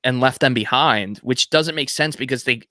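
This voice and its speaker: Bright, crisp-voiced podcast co-host man. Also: medium pitch, moderate pace, no echo, clean studio sound. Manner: chatty, enthusiastic with many "like"s. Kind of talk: casual music podcast chat.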